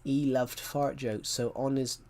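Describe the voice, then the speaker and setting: A man's voice: medium pitch, little pitch movement, measured pace, mellow. A man livestreaming a game, telling stories in a rambling casual chat and often correcting himself mid-sentence. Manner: rambling storyteller, frequent self-corrections.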